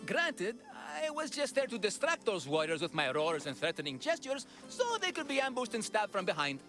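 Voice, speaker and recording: A man's voice: high voice, huge pitch swings, normal speed, bright, forceful tone, full character voice. An actor playing a bumbling, cheerful father in a Minotaur costume in a video game, with an eager, theatrical manner. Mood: proud. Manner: theatrical, eager, boastful roaring. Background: game music.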